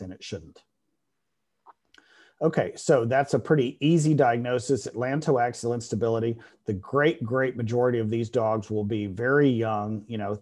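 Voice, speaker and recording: Middle-aged male lecturer, mid-pitched voice, explains patiently, asks "okay?" often, restarts sentences now and then. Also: a little mellow. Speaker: veterinary radiology lecturer. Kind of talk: classroom lecture.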